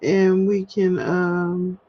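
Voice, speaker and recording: A woman's voice: on the low side, completely flat delivery, drawn-out words. A woman hosting a solo livestream, talking candidly and chattily to her viewers and laughing at herself, recorded at home. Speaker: livestream host. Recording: dull lo-fi livestream audio.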